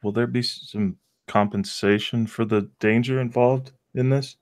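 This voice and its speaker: A man's voice: mid-range voice, fairly even intonation, moderate pace, a little mellow, lightly acted. A man voicing a pompous, greedy noble adventurer who speaks in a grand, flourishing way. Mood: grandiose.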